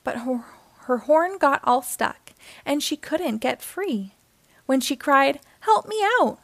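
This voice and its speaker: With a high, animated voice touched by vocal fry, a woman slowly reads a rhyming children's book in a gentle, lilting rhythm. There's no room echo; the sound is close and dry.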